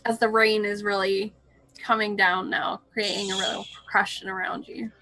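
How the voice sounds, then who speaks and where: A woman narrating a tabletop role-playing game as game master, setting scenes in an unhurried, descriptive way. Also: mid-range voice, level tone, vocal fry, sharp tone, no room sound, rough recording.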